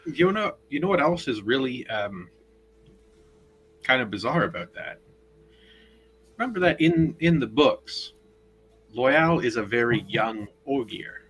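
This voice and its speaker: A man joining a casual fan chat as a guest, measured and a bit hesitant with a dry wit. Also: medium pitch, animated, fairly bright tone, slight background noise, low-quality recording.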